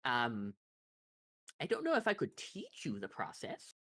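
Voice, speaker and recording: A woman's voice: rumbling low, huge pitch swings, unhurried, fairly bright tone, no echo, pitched below the performer's own voice, full character voice. A woman as a rambling eccentric wizard shopkeeper. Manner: rambling, hesitant, grandiose. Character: eccentric female wizard shopkeeper who awakens animals.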